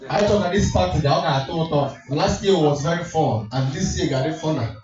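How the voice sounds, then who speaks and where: A man's voice: on the high side, fairly quick. A man working the crowd as a comic MC at a community party, teasing and playful. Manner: teasing, playful crowd work with frequent laughter. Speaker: event MC and comedian. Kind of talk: live MC banter with crowd. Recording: distant echoey hall mic, dull sound. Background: music playing.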